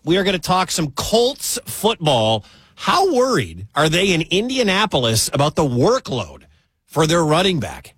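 Radio sports guy taking calls, jokey and lively, kinda husky voice. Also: fairly high pitch, no echo. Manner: lively, jokey, fast banter with callers. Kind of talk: call-in radio show.

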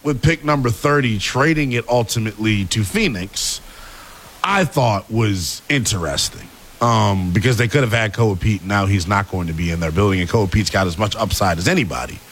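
Measured man analyzing sports. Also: fairly low pitch, a bit bright, slight background noise. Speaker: sports radio co-host. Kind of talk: sports talk radio analysis.

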